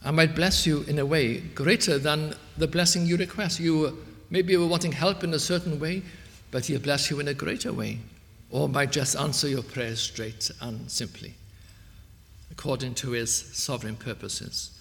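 A male preacher delivers an earnest sermon, his voice rising to emphatic peaks before sinking back to a hushed, intimate tone. The sound carries a long reverb, as if recorded in a large church hall. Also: fairly high pitch, moderate pace, gravelly.

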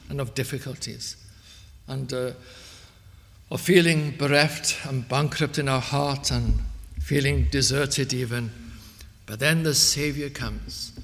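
A male preacher delivers an earnest sermon, his voice rising to emphatic peaks before sinking back to a hushed, intimate tone. The sound carries a long reverb, as if recorded in a large church hall. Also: medium pitch, creaky.

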